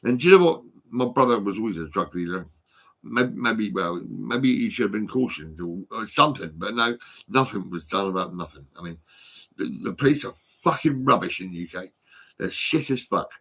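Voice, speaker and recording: Man, phone vlog rant; repetitive, profane, agitated; bright, slightly husky tone. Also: fairly low pitch, animated, moderate pace. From United Kingdom. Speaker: vlogger. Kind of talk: rambling angry monologue.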